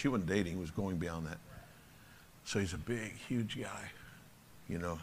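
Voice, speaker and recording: A man's voice: low voice, moderate pace, long reverb tail, slight background noise. A man preaching at a church service, telling blunt, emphatic stories with a chuckle. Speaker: pastor. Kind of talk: sermon storytelling.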